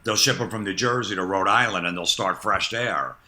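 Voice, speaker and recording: A man's voice: on the low side, fairly quick, sharp tone. A man in his fifties, a comedian guest, telling blunt stories in casual podcast chat and laughing at himself.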